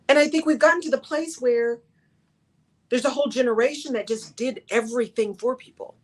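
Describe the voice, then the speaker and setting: A woman's voice: on the high side, brisk. A woman hosting a talk radio show, speaking in an emphatic monologue that repeats its key phrases and keeps checking in with "right?".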